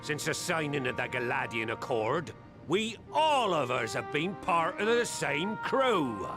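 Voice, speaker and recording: An actor playing a weathered old male pirate captain who scolds and rallies his crew in gruff pirate speech for a game cutscene. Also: on the high side, big pitch swings, unhurried. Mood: scolding. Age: older. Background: game music.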